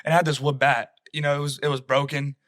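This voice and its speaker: A young man telling a story on a casual podcast, animated and slangy, acting out what people said. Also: a little high, quick pace, dry recording, studio quality. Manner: animated, slangy, acts out quotes. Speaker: podcast co-host.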